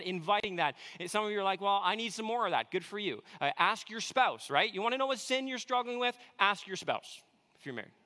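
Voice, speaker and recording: A man in his thirties preaching a sermon, telling a family story with earnest warmth and some self-deprecating humor. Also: high voice. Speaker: pastor.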